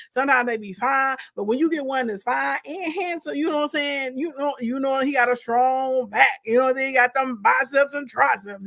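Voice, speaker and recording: A woman giving a lively, slangy, humorous Bible retelling, calling her listeners girl and baby. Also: sits high. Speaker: Bible storyteller.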